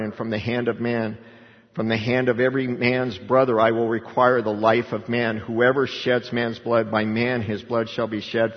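A middle-aged man giving an informal Bible teaching, talking conversationally and reading scripture aloud. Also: medium pitch. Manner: conversational, reads scripture aloud, chuckles often. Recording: dull sound with long hall reverb.

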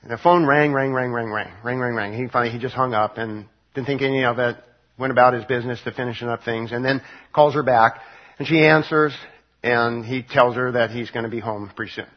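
A man preaching a midweek Bible study sermon, halting and full of fillers and restarts. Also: mid-range voice, lo-fi sound. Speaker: pastor.

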